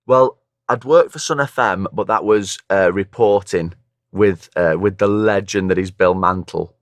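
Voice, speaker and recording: Man, very deep voice, nasal, hungover, rambling anecdotes, dry close sound. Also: measured pace, dry recording. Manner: rambling anecdotes, acts out other people's lines. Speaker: podcast guest, former football commentator. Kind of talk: casual storytelling chat.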